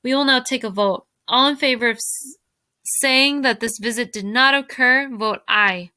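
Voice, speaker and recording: A woman's voice: on the high side, moderate pace, bright, forceful tone, no room sound. A woman voicing a stern, pompous old male head mouse in a read-aloud storybook, speaking emphatically. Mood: formal. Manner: emphatic, insistent.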